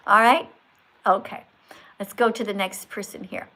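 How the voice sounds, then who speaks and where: A woman's voice: mid-range voice, steady tone, moderate pace, bright, forceful tone. A woman hosting a live stream in a schoolteacher tone, correcting and praising viewers with emphatic delivery. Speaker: livestream host.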